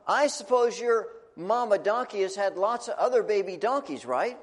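A stern high priest who questions slowly and reads rules solemnly, as a man plays him. His voice is fairly high. Long reverb from a hall trails each phrase. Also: lively intonation. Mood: questioning. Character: stern male high priest, middle-aged.

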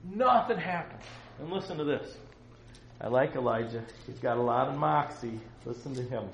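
A middle-aged man teaching from the Bible to a small group, acting out quotes loudly and joking with his listeners. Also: mid-range voice, lively intonation, normal speed, a little hiss or hum. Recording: echoey room with faint ambience.

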